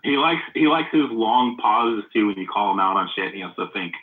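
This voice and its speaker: A man's voice: fairly low pitch, expressive, a little fast. A man in a heated casual debate in a live chat room, needling his opponent bluntly and with profanity. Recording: phone-like narrow audio.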